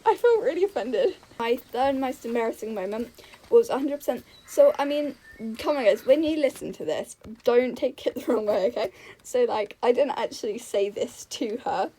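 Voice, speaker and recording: A woman's voice: on the high side, lively intonation, moderate pace, mellow, rough recording. A young woman telling gaming stories in a chatty, giggly way, full of "like" and "um". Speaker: gaming YouTuber. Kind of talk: casual storytelling over gameplay.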